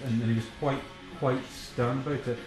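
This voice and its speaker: A man's voice: mid-range voice, fairly even intonation, moderate pace. A young Scottish man giving chatty, teasing commentary on his band's album, laughing a lot. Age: young adult. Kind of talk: casual chat. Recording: echoey room with faint music.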